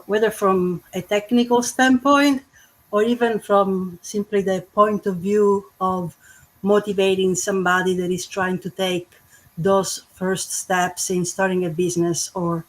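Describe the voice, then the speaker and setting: A woman on a live panel gives a thoughtful answer, pausing now and then with small fillers. Her voice sits at a middle pitch. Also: poor audio. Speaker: guest panelist. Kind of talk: casual panel discussion.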